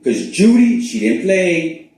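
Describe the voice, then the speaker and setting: A man hosting his own spiritual channel, rambling in a profane, casual monologue that swings between loud bursts and hushed asides. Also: sits high, big pitch swings, takes it slowly. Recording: very echoey room.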